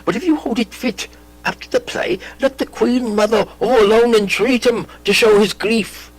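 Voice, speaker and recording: A man reading a classic play aloud, voicing a fussy, scheming older royal counselor with measured, deferential delivery. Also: high-pitched, pitched above the performer's own voice, low-quality recording. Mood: advising. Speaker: audiobook reader.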